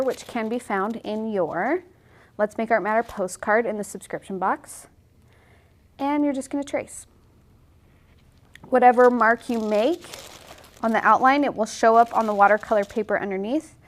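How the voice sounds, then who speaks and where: A woman in her thirties teaching a watercolor tutorial in a casual, chatty way, often saying "like" and laughing easily. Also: fairly high pitch. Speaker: watercolor instructor.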